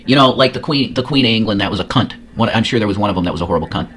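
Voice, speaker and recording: A lower-voiced man riffing through casual reaction commentary. He swears constantly and rambles, stumbling over repeated words. A faint noise sits under the recording. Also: lively intonation, racing, a bit bright. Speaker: host.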